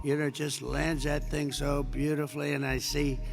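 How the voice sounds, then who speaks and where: Gravelly older man rambling a speech. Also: fairly high pitch, flat delivery, moderate pace, long reverb tail, soft background music. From United States. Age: 70s. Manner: rambling anecdotal storytelling, repeating superlatives. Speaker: president addressing troops. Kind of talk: off-the-cuff speech. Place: large hall at a military base.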